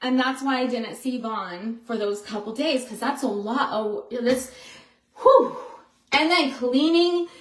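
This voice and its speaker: A woman with a high voice chats to her viewers in a relaxed, unhurried way. She is excitable and loose, peppering her talk with fillers. Her voice rings in an echoey room. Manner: chatty, with frequent fillers like "you know" and "like"; excitable storyteller who acts out quotes. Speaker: vlogger. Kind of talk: casual vlog monologue.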